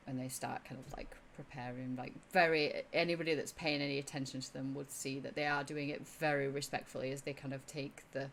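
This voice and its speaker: A woman's voice: very deep voice, vocal fry, slight background noise. A woman running a tabletop game as game master, narrating in a hesitant way with many fillers.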